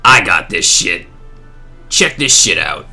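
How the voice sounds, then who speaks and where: A man voicing a male game reindeer who swears and talks in gruff street slang. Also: low-pitched, big pitch swings, slow, pushed and bright, soft background music, pitched below the performer's own voice, full character voice. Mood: boastful.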